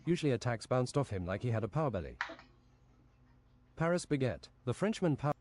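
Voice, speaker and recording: A man reading an absurd fantasy story aloud on a stream in a deadpan, matter-of-fact way. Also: medium pitch, fairly quick.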